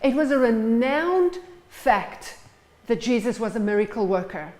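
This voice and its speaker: A woman's voice: on the high side, lively intonation, unhurried, darkish tone, low-quality recording. A woman preaching a sermon in church, retelling stories and acting out the scenes. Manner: storytelling, acts out the scenes.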